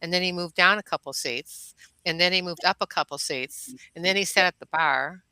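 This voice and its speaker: A middle-aged woman from the Detroit suburbs tells stories in casual conversation, her voice on the low side yet bright and forward. She acts out the other people's lines with lively swings and laughs often. The sound is close and dry. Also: normal speed, smooth, dry recording, low-quality recording. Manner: animated, acts out quoted dialogue, laughs often. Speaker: guest, chiropractor and intuitive healer. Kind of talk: casual podcast storytelling.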